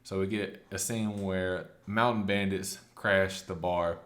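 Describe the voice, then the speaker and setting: A man casually recapping a story, chatty and loose, slipping into quick quoted lines. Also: low-pitched, steady tone, a bit bright. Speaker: anime recap host.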